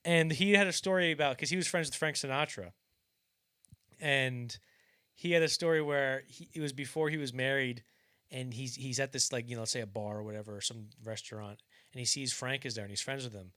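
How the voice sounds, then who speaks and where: Young man, podcast host, casual storytelling, acts out quotes, lively delivery. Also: a little fast. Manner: animated storyteller, acts out quoted lines loudly and higher; casual and profane, frequent restarts. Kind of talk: casual chat, telling anecdotes.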